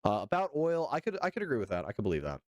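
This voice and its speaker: A man's voice: mid-range voice, wildly swooping pitch, very fast, darkish tone, no room sound, muffled recording. A man livestreaming casual commentary, reading chat and talking it through in a hesitant way that repeats itself and swears freely. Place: home streaming setup.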